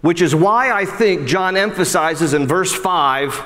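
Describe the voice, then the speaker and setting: A man preaching a sermon as pastor, animated and conversational, swinging between emphatic high lines and soft low ones, with frequent casual asides. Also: a little slow, long reverb tail. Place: church sanctuary.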